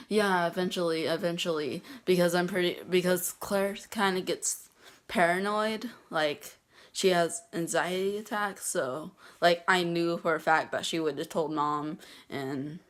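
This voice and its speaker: A teenage girl telling a prank story in a casual vlog, halting with many pauses and restarts. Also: lowish voice, steady tone. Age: teens. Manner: halting, many ums and restarts, laughs at herself. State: getting emotional, near tears. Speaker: vlogger.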